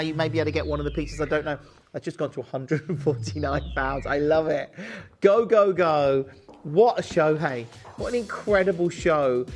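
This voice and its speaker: A man presenting jewellery on a live shopping channel, chatty and upbeat, urging viewers to buy. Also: on the high side. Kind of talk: live jewellery sales pitch. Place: television studio.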